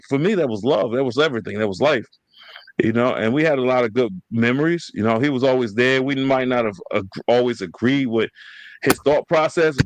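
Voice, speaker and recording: Animated, profane man telling stories. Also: mid-range voice, no room sound, poor audio. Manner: animated storytelling, slangy and profane. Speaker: podcast host. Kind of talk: casual family storytelling.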